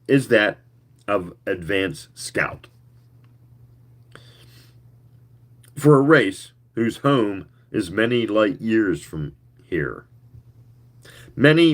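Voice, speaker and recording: A man playing a slow, weary giant alien. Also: on the low side, big pitch swings, full character voice. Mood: grave. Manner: slow, stiff, oddly accented formal speech. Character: weary giant alien scout, male, formal and detached.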